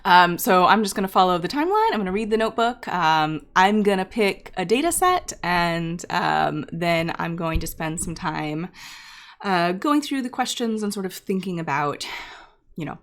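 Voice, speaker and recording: A woman's voice: fairly low pitch, very animated, normal speed, fairly bright tone. A woman hosting and teaching a live online class, talking off the cuff and straight to her viewers, with many ums and restarts. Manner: talks straight to viewers in chat. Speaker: instructor hosting a data science livestream. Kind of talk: unscripted livestream teaching.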